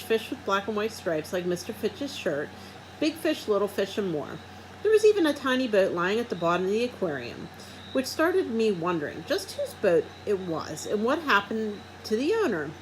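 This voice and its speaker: A woman reading a children's storybook aloud in an expressive, animated first-person way. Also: medium pitch, moderate pace, slight background noise, poor audio. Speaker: reader.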